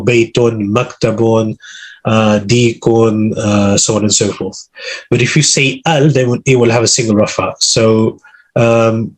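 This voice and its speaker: A man's voice: medium pitch, husky. A man teaching an online Arabic class on a video call, patiently going through vocabulary with translations.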